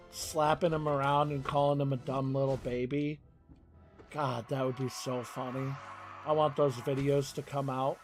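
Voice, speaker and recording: A young man streaming a game, chatting casually in a rambling, profane way and laughing often. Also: fairly high pitch. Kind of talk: casual chat while gaming.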